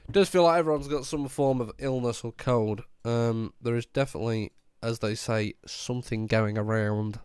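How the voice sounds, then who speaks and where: A young man who's ill chats casually on stream, his voice cracking as he answers viewers one at a time in a laid-back way. He speaks at normal speed with few pauses, in a steady, medium-pitched, darkish voice, recorded dry and clean like a studio.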